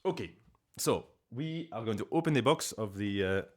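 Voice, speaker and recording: A man's voice: fairly low pitch, expressive, moderate pace. A man speaking English in a put-on French accent, chatting casually on a live stream in a rambling, playful, self-mocking way from his home. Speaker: streamer and voice actor. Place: at home, indoors.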